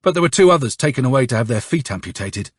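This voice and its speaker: A man reading an audiobook, playing a hoarse, bitter young officer who tells his story with curses and sarcasm. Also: medium pitch, animated, quick pace, dry recording, studio quality. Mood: angry storytelling. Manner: angry, sardonic storytelling with curses. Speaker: audiobook narrator.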